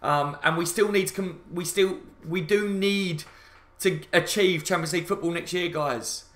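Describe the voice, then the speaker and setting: A football fan channel host with a high-pitched, slightly bright voice rants angrily at a moderate pace on a live reaction stream. He swears and repeats himself, calls his viewers "guys," and reads out chat comments, all in a roomy, echoey room.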